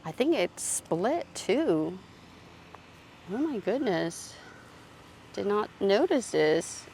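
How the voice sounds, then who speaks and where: Slow, chatty woman touring her garden. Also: medium pitch, very animated, vocal fry, a little mellow, a little hiss or hum. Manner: slow, chatty, thinking aloud with fillers. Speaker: gardening vlogger. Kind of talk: casual garden tour narration. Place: outdoor garden.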